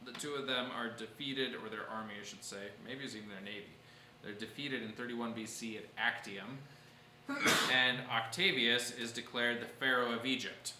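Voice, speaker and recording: A man's voice: mid-range voice, normal speed, echoey room, noisy background. A man teaching a church history class, explaining events patiently and answering questions from his students.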